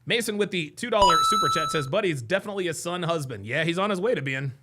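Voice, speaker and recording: A man hosting a live stream, reacting excitedly to a clip with laughter, shouting and lots of repetition. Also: a little high, fast talker.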